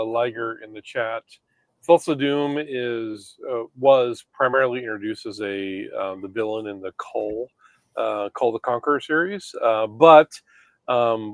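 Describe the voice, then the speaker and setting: A man with a mid-range voice answers viewer questions with facts, pausing often on "uh". The recording is dry and close. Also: mid-range voice, a bit bright, dry recording. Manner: informative, hesitant with fillers. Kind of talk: casual chat about comic prices.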